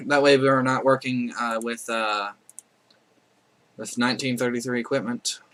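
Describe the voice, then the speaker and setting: A man talks through his strategy game in a loose, rambling way, often stopping to correct himself or toss out a side remark. His voice is bright and forward, at an ordinary pitch for a man. Faint keyboard typing sits behind him. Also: little pitch movement, a little slow. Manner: rambling, self-correcting, chatty asides. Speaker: let's play host. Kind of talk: casual strategy game commentary.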